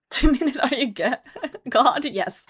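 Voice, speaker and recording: A woman's voice: sits high, breathy edge. A woman streamer chatting casually to her viewers. She swears freely, laughs often and flares into mock rants. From outside the US. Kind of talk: casual live-stream chat.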